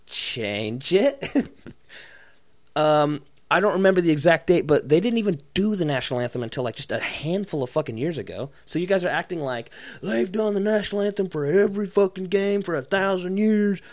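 A man co-hosting a casual podcast, ranting in a profane, mocking way and acting out other people's voices. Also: a little high. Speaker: podcast co-host. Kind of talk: profane comedic rant.

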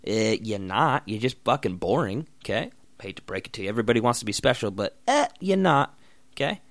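A man's voice: lowish voice, animated, brisk, dry recording. A young man hosting a solo podcast, ranting bluntly and sarcastically with lots of swearing. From Oregon. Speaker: podcast host.

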